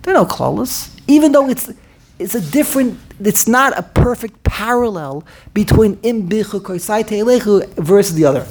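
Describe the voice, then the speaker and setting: A man teaching a Torah class in an animated way, often repeating himself and restarting his sentences. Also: high-pitched, normal speed. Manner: animated, repetitive, stumbles and restarts mid-sentence.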